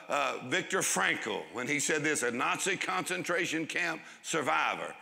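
A man preaching a sermon to a congregation, drawing out key phrases for emphasis and dropping into quick asides. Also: fairly high pitch, vocal fry, sharp tone, big-room sound. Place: church hall before a congregation.

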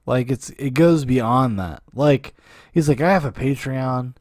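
A man's voice: mid-range voice, measured pace, darkish tone, no echo. A man hosting a podcast, joking with dry, mock-formal sarcasm in casual commentary. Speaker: podcast host.

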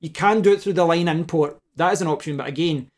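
A man's voice: on the high side, fast, a little mellow. Man explaining gear at his desk. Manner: talks while demonstrating gear, thinking aloud with restarts. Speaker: tech tutorial host. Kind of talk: casual demonstration tutorial. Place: home desk setup. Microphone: desk microphone, switching between mics.

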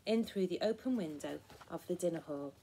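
A woman reading a picture book aloud to children, expressive and inviting them to count along. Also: lowish voice, fairly quick, vocal fry, slight background noise. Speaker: children's storyteller. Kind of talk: children's story time read-aloud.

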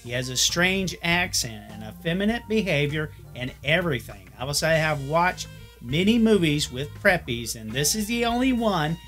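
A man's voice: a little high, sing-song, normal speed, fairly bright tone, faint music behind. A man narrating an opinionated film review in a blunt manner.

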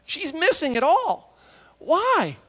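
A woman gives a conversational sermon, slipping into the voices of the people in the story as she goes. Her voice sits high and swings widely in pitch. The sound carries a long hall reverb. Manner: lively and conversational, acting out the disciples and Mary in quick asides. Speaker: preacher.

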